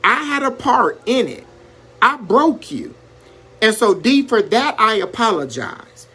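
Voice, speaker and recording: A man hosting a live stream, talking in an animated, preacherly way and greeting viewers by name as he gives advice. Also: sits high, unhurried, slightly rough. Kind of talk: casual motivational live-stream talk.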